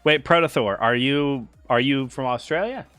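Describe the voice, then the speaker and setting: A woman's voice: extremely low pitch, moderate pace, a bit bright, dry recording, soft background music. American woman game master, playful banter. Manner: joking, teasing, self-deprecating. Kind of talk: casual stream chat running a tabletop game.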